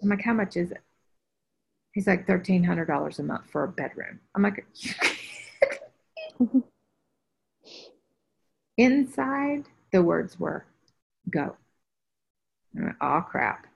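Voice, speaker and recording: A woman spiritual teacher takes her time telling a personal story to a group video call, pausing often and vividly acting out the voices she quotes. Her voice is lowish and husky with vocal fry, and the call audio is dull and lo-fi.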